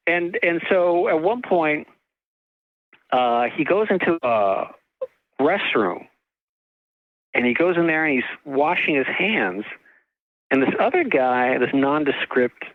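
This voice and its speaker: A middle-aged man from California, an author telling a long story in an interview, halting with many restarts and fillers, laughing now and then. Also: mid-range voice, dry recording. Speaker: author and guest. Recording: tinny phone-like line.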